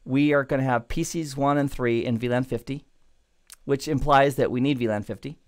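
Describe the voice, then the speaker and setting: A middle-aged man giving a relaxed, chatty networking lesson over a screen recording, with playful digressions. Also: mid-range voice, moderate pace. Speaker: network instructor. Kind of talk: screen-recorded tech tutorial.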